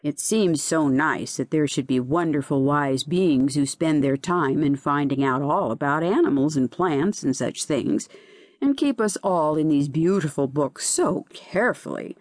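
A woman voicing a male zoophyte that is touchy and easily let down, murmuring in a low, plaintive voice. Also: unhurried, darkish tone, no echo, studio quality. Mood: disappointed.

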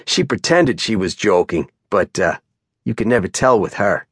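A man voicing a burly Down East backwoodsman, quietly earnest. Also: on the low side, animated, moderate pace, husky, no room sound, studio quality, full character voice. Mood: confiding. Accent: Down East Maine. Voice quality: thick accent, plain spoken. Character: big rough backwoods man, humble and worried.

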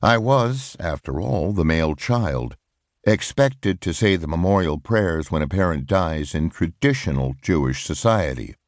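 A man reading a reflective nonfiction audiobook in a measured, solemn way. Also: low voice, expressive, no echo, clean studio sound. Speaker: audiobook narrator. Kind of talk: scripted audiobook narration. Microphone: close studio microphone.

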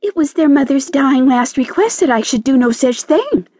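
A woman's voice: fairly low pitch, big pitch swings, a little slow, mellow, husky, no echo, studio quality, heavily acted. A woman voicing a timid, anxious female green caterpillar in a storybook audiobook, plaintive and earnest. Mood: indignant.

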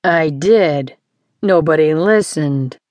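Woman reading a surly grumbling man, gruff, curt, low voice, dry close sound. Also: takes it slowly, darkish tone, dry recording. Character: gruff surly male island mixer.

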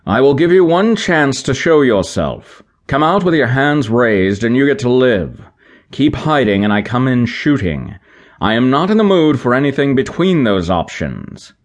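A man's voice: low voice, moderate pace, a little mellow, natural voice. A man playing a blunt, dry-humored military major in an audiobook. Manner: dry, commanding.

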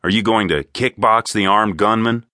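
A man voicing a nervous, sarcastic young man in an audiobook, pitched above his narrating voice. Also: lively intonation, unhurried, sharp tone, dry recording, studio quality, full character voice.

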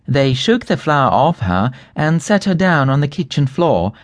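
A man narrating a children's storybook audiobook in a lively, expressive reading. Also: a little high, measured pace, no echo, clean studio sound.

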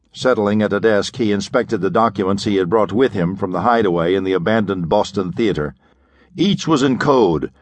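Low-voiced male audiobook narrator. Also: no echo. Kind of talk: scripted narration of a pulp novel.

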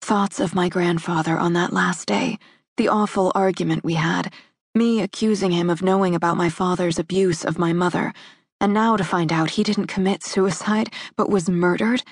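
Narrating a first-person romance, a woman reads in a measured, intimate manner with fairly even intonation. The audiobook narrator's low voice is husky and breathy, captured in a dry, close studio recording with no room sound.

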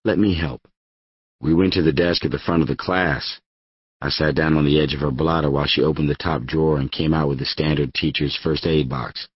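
A man with an extremely deep, husky voice narrates a first-person crime story in a measured, wry way. The recording is dry and close, with a slightly muffled top end. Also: fairly even intonation, no room sound. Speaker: audiobook narrator. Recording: slightly dull, dry studio audiobook recording.

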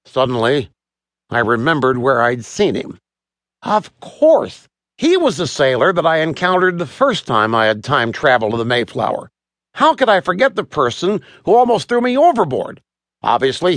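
A man narrating a children's adventure story with expressive, animated delivery and a fairly high voice that swings widely in pitch. The sound is close and dry, as from a studio booth. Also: no echo. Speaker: audiobook narrator.

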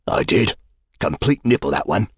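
A male narrator voicing a gruff, aging British collector with a husky, tobacco-ravaged voice and a blunt, profane manner. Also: fairly low pitch, sing-song, moderate pace, dry recording, pitched above the performer's own voice, exaggerated voice. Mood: blunt scorn.

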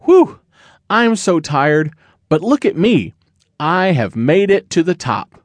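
A lost little bear cub, earnest and plaintive, his voice lifted well above a grown man's, as a male narrator puts him on. He swings through a lively, bouncy range of pitch. The read is dry and close, with no room around it. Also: takes it slowly, no room sound, exaggerated voice. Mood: weary, determined. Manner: earnest, plaintive and breathy with effort. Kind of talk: children's audiobook character voice.

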